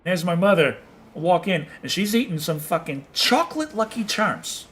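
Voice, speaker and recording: A man's voice: high-pitched, very animated, normal speed, fairly bright tone. A man streaming a game and chatting casually with viewers, rambling and swearing with a chuckle. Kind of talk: casual chat with viewers while playing.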